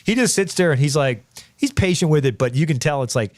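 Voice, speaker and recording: A man co-hosting a podcast tells jokey stories in a somewhat high voice. The sound is dry, with no room around it. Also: animated, fast, dry recording. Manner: joking, storytelling. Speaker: podcast co-host. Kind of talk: podcast interview.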